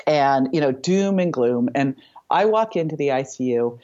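A woman's voice: extremely low pitch, animated, moderate pace, mellow, muffled recording. A middle-aged woman guest on an interview show, telling a personal story vividly and acting out the dialogue. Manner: vivid storyteller who acts out quoted dialogue. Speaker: podcast guest.

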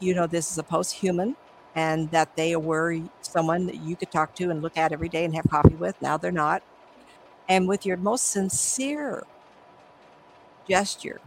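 A woman's voice: fairly low pitch, steady tone, normal speed, slight background noise, poor audio. A middle-aged woman, a psychic medium, telling stories animatedly in an interview and acting out the voices. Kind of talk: conversational interview storytelling.

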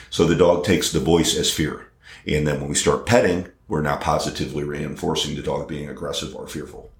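A man working as a dog trainer, talking through his experience in an interview. He pauses often and fills gaps with "uh" and restarts. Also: a bass voice, fairly even intonation, vocal fry. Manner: hesitant, many fillers and restarts. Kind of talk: conversational interview. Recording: roomy echo.

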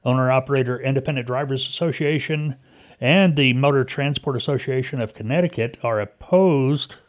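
A man hosts a podcast and comments on the news in a casual, folksy way. His chatty delivery keeps to an average man's pitch. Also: normal speed. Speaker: podcast host.

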